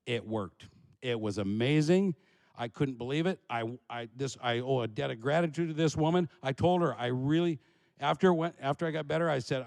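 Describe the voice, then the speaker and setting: A man from Alaska telling a comic story about himself, animated and laughing as he goes. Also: fairly high pitch, normal speed, creaky, in a large hall.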